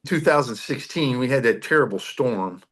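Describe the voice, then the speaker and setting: A man's voice: mid-range voice, lively intonation, normal speed, fairly bright tone, rough recording. A man recalling a past event in a matter-of-fact way, repeating words as he gathers his thoughts. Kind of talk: casual recollection.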